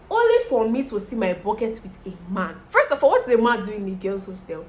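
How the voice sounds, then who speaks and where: A woman's voice: medium pitch, brisk, hardly any pauses, a little hiss or hum. Chatty Nigerian young woman telling a story. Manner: chatty, animated, addresses viewers directly. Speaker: vlogger. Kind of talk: casual storytelling while doing make-up.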